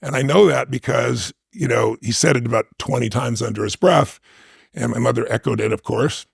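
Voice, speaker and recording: A man with an extremely gravelly, husky voice tells a personal story during an interview. He talks emphatically and conversationally, with frequent asides. The recording is close and dry. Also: medium pitch, moderate pace, no room sound. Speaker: interview guest.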